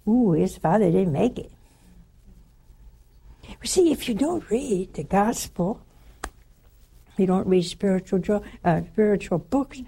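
A woman's voice: fairly low pitch, normal speed, creaky, warm tone, husky. A woman giving a spiritual talk, telling stories in a rambling way and acting out the quotes. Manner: rambling storytelling with acted quotes. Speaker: religious speaker.

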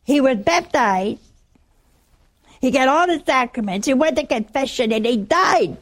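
Woman playing a resentful widow, heated complaining, gravelly voice. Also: mid-range voice, animated, unhurried. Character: indignant bitter widow woman.

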